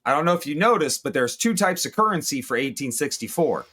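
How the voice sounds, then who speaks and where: A man's voice: on the high side, sing-song, fast talker, pushed and bright, slightly rough. A man from the United States co-hosting a movie-review podcast, riffing in crude, sarcastic casual chat.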